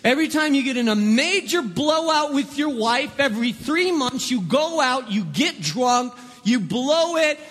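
Male pastor, sermon delivery, high voice, long-reverb hall sound. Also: lively intonation, unhurried, fairly bright tone. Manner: preachy, repeats words in bursts, acts out quoted voices.

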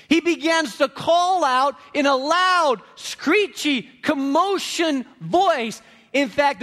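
A man's voice: extremely high pitch, a bit bright. A male pastor preaching a sermon to a congregation, emphatic and repetitive, telling stories. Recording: long reverb of a large room.

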